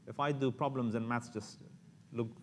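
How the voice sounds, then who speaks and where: A man's voice: medium pitch, fairly even intonation, moderate pace, a little hiss or hum. A man teaching an Islamic lecture in a loose, conversational way, full of fillers and Arabic phrases.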